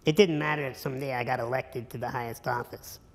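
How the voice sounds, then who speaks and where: A man's voice: mid-range voice, steady tone, quick pace, gravelly. A man giving an earnest, emphatic motivational keynote speech in a conference hall. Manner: earnest, emphatic, builds to repetition. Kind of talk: inspirational speech. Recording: reverberant hall.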